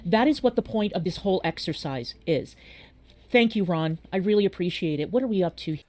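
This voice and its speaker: Lower-voiced woman, gossipy stream chat. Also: lively intonation, brisk, darkish tone. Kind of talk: chat on a played stream clip.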